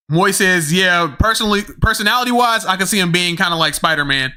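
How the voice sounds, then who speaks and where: A man's voice: sits high, normal speed, few pauses, pushed and bright, smooth. A young man streaming a game, chatting to his viewers in a rambling, slangy way, with lots of fillers and the odd swear word. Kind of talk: live-stream chat with viewers.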